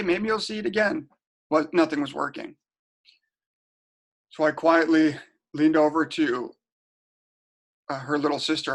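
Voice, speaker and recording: A middle-aged man with a high-leaning, fairly bright voice presents a casual webinar from a home setup. He's chatty and tells stories, often repeating and restarting words.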